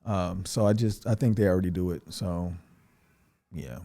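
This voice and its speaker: Mellow man, hesitant and questioning. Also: low-pitched, moderate pace, vocal fry. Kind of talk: casual debate chat.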